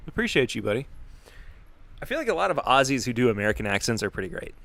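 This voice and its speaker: A man's voice: mid-range voice, lively intonation, normal speed, creaky, long pauses, fairly bright tone, no echo. Chatty man hosting a live stream. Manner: chatty and upbeat, thanking viewers. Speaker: podcast host. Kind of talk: casual live-stream chat.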